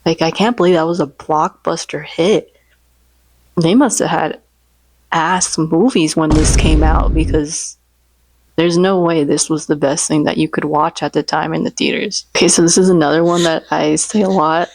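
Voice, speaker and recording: Low-voiced chatty woman vlogger. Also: steady tone, normal speed, a little mellow, no room sound. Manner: rambling, chatty, jokes about her own impressions. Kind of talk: casual chat.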